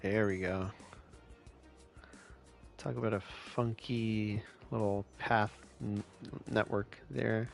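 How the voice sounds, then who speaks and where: A man from California talks his way through a live game stream, relaxed and chatty as he answers viewers. His voice sits low and gravelly, and he takes his time with every phrase. Quiet music plays underneath. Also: takes it slowly, long pauses. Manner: laid-back, chatty, answers chat questions. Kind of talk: casual live-stream commentary while playing.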